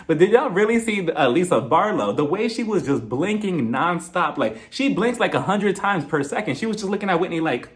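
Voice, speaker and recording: A man's voice: high-pitched, a little fast, few pauses. A man giving a casual, gossipy recap of a reality TV episode and acting out what people said. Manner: animated, gossipy, acts out quotes.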